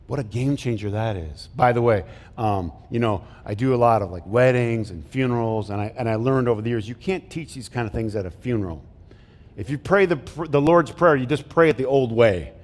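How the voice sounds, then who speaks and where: A man's voice: medium pitch, fairly quick, a little mellow. A middle-aged male pastor preaching a conversational sermon, joking and asking the congregation questions as he goes. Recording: long hall reverb from a church sanctuary.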